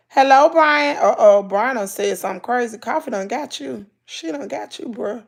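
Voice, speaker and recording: Chatting casually with her livestream viewers, a woman with a Mississippi Southern accent spins stories in country slang, her high voice carrying a gravelly fry. She's animated, laughs loudly, and answers comments as she reads them, keeping a moderate pace with few pauses.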